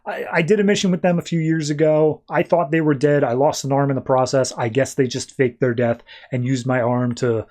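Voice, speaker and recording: A man's voice: medium pitch, steady tone, brisk, hardly any pauses, darkish tone, lightly acted. A man doing a wisecracking male agent. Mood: wry.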